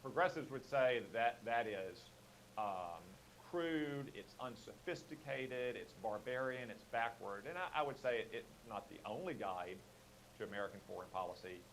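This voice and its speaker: A man speaking as a political guest in a radio interview, arguing his points in a measured way with frequent fillers. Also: on the low side, big pitch swings, gravelly, a bit bright, a little hiss or hum, rough recording.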